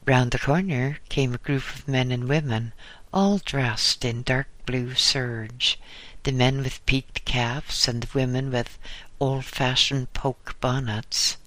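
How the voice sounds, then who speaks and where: Slow measured guy reading a story, bright voice, dry close sound. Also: mid-range voice, fairly even intonation, no room sound. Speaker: narrator. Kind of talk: scripted narration.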